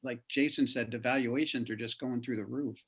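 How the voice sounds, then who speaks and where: A man's voice: mid-range voice, brisk, breathy edge. Man on muffled lo-fi call audio. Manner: relaxed, rambling anecdotes with hesitations. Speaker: guest author. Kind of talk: casual video-call interview.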